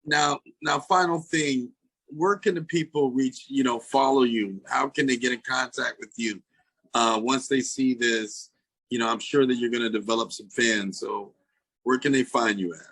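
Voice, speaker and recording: A man's voice: mid-range voice, steady tone, normal speed, fairly bright tone, slightly rough, no room sound, rough recording. A man hosting a show, interviewing a guest in an upbeat, friendly way. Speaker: show host. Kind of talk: casual interview.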